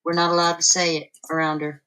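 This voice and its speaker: A woman co-hosts a live stream and chats in a plain, matter-of-fact way. Her voice sits a little low. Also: level tone, fast talker, bright, forceful tone, rough recording. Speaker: co-host. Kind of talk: casual chat.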